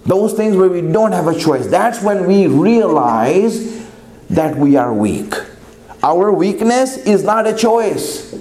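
A man's voice: high voice, sing-song, slow, darkish tone, roomy sound. A man giving a sermon, telling a parable and acting out its dialogue before building to emphatic exhortation. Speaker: preacher.

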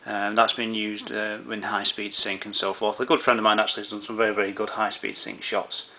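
Lower-voiced man explaining camera settings. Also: level tone, a little fast, pushed and bright. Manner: easygoing, many "um"s and restarts. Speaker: camera tutorial presenter.

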